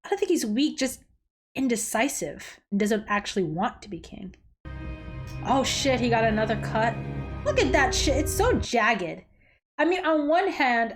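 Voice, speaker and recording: Animated woman reacting to a show. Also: on the high side. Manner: animated, blunt, swears freely, gasps and exclaims. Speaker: reaction video host. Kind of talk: casual reaction commentary.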